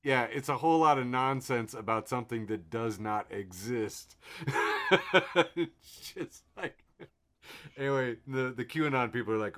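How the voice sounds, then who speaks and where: A man's voice: mid-range voice, measured pace, fairly bright tone. A man co-hosting a podcast, rambling through casual comedic chat with wry asides. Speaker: podcast co-host.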